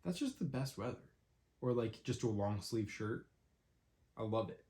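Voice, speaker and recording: A man's voice: medium pitch, expressive, normal speed, dark tone. A young man hosting his own podcast in casual solo chat, rambling with lots of "um"s and a stuffy nose. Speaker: podcast host.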